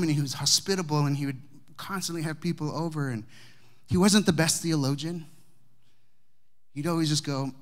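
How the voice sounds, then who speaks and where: A man preaching, a pastor telling a personal story to his congregation with humor and warmth of delivery. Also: a little high. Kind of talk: sermon storytelling. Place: church sanctuary with congregation.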